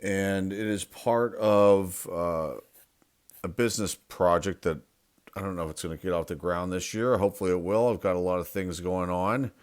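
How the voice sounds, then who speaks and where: A deep, smooth male voice at normal speed comes through clean studio sound in a dry recording. The speaker, a sports card collector, unboxes cards while chatting offhandedly and uncertainly, thinking aloud and naming players.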